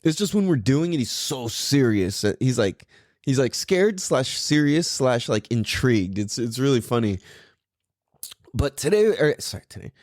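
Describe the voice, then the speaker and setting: A man's voice: medium pitch, lively intonation, moderate pace, a little mellow, no echo, studio quality. A young man hosting a podcast in a casual monologue, full of surfer slang, swearing and "like" and "dude". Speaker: podcast host.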